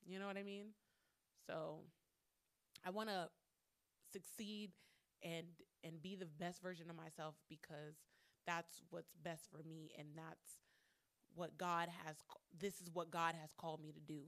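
A woman's voice: lowish voice, flat delivery, a little slow, fairly bright tone, no echo. A woman vlogging casually to her viewers, talking frankly with lots of swearing, repeating phrases and laughing between lines. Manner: candid, profane, talks herself through anger with repeated phrases. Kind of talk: casual monologue to camera.

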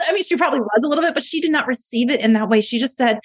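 Earnest woman with a slightly high voice. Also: racing, husky. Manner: earnest, reflective storytelling. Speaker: podcast guest, mother of a disabled child. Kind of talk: conversational interview.

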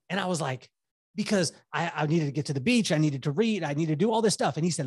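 Animated forty-something man telling stories. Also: on the high side, fast talker, breathy edge, dry recording, studio quality. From Southern California. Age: 40s. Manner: animated, laughs through stories, mimics voices in quotes. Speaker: podcast guest. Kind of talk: casual storytelling chat.

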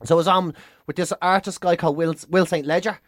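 A man with a Dublin accent, co-hosting a podcast, chatting casually and telling animated stories with plenty of swearing. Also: high-pitched, fast, dry recording, clean studio sound. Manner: animated storyteller, swears freely. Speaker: podcast co-host. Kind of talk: casual chat.

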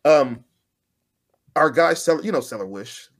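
A man co-hosting a podcast in casual chat, an animated storyteller who acts out the voices of the people he quotes. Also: a little high, a little slow. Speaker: podcast co-host.

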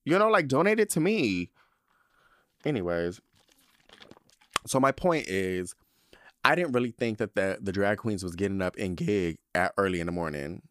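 Sassy, animated male podcast host. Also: on the low side, normal speed, long pauses, no room sound. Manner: sassy, animated, campy drag-queen banter with swearing. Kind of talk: casual storytelling monologue.

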